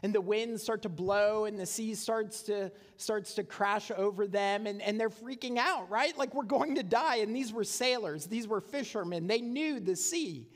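A man's voice: high voice, unhurried, few pauses, long reverb tail. A male pastor preaching a sermon in a conversational way, often checking in with the congregation with "right?". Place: church sanctuary.

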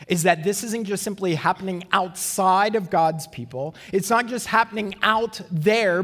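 A man preaching a sermon in an earnest way, asking rhetorical questions and slowing down for emphasis. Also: sits high, big-room sound. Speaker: pastor.

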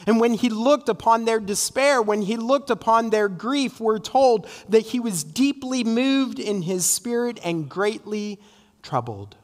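A man's voice: high voice, big-room sound. A man preaching an earnest, emphatic sermon in a church, often tossing in "right?" asides. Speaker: pastor. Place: church sanctuary.

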